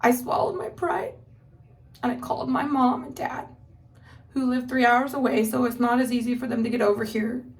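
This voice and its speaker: A woman with a fairly high voice tells her family's story in a casual vlog. She is earnest and candid, with plenty of "like" fillers. She sits a little back from the microphone, so her voice sounds somewhat distant. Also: fairly even intonation, normal speed.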